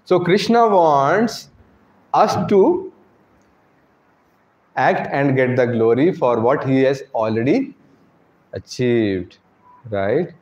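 In an echoey temple congregation hall with dull sound, a male preacher gives a devotional sermon in a darkish, mid-range voice with lively intonation, speaking slowly with long pauses. He asks rhetorical questions and often tacks on "right?"

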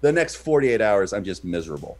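Man, podcast co-host, animated storyteller, pitch swings a lot, gets loud when he quotes people. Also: fairly quick. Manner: animated, shouts in reenacted quotes. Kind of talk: casual storytelling chat.

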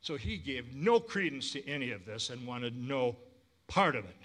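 A man preaching a sermon as pastor, lively and inviting the congregation to respond. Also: medium pitch, moderate pace.

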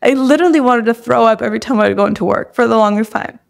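A woman's voice: a little high, very fast, gravelly. A young adult woman, a podcast guest, tells a personal story in casual conversation, chatty and full of restarts. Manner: chatty, with many restarts and acted-out inner thoughts.

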